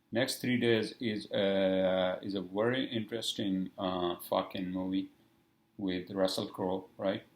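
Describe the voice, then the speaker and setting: Rambling, swearing man with a gravelly voice. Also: fairly low pitch, roomy sound, low-quality recording. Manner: rambling, heavy swearing, searching for words. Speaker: podcast host. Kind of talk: casual solo podcast talk.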